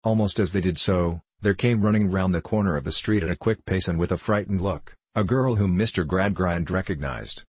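A man reading a classic novel aloud in a measured, formal, ironic manner. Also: low-pitched, a little mellow, slightly rough, no room sound. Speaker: audiobook narrator. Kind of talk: scripted narration of a classic novel.

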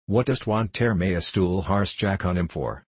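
A rough, angry coal miner father growls his threats in thick dialect, as a man puts him on. His voice is low and husky, and the sound is dry and close. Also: animated, moderate pace, dry recording. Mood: scornful. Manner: gruff, threatening, shouting.

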